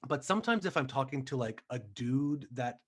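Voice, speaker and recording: Guy actor on a podcast, rambly and thoughtful, lots of likes and ums, normal pitch. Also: expressive, normal speed, a bit bright, slightly rough. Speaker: podcast guest, stage actor. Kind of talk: casual chat.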